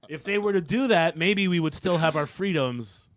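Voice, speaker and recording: Brash young comedian dude cussing through podcast banter, voice jumping all over, slightly high. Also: male voice, normal speed. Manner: brash, profane, animated riffing.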